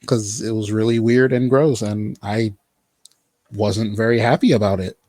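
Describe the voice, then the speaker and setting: A man with a low, slightly husky voice chats loosely about a TV show. He rambles through fillers and asides. The sound is dry and close. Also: fairly even intonation, measured pace, darkish tone, no room sound. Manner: rambling, filler-heavy, quotes characters in mock voices. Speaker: podcast host. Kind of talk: casual chat recapping a TV show.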